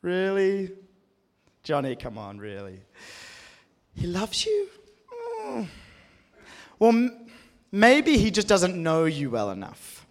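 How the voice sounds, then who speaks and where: A sly, insinuating inner lawyer voice, put on by a male preacher, pitched fairly high and needling with doubt. It carries the long echo of a big hall. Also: wildly swooping pitch, takes it slowly, long pauses, exaggerated voice. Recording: echoey hall.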